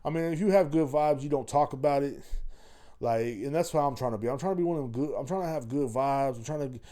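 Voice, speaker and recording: A man's voice: mid-range voice, quick pace, dark tone. A man hosting a podcast in a rambling, profane, crudely joking solo monologue. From Texas. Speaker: podcast host. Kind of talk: casual comedic podcast monologue.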